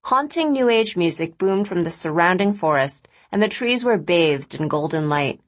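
A woman narrating a novel as an audiobook reader, in a measured, expressive reading. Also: on the low side. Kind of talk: scripted narration.

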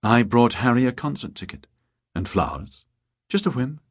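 A man reading the lines of a composed young woman who speaks calmly and steadily, in an audiobook. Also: medium pitch, moderate pace, no echo, studio quality, pitched above the performer's own voice, lightly acted.

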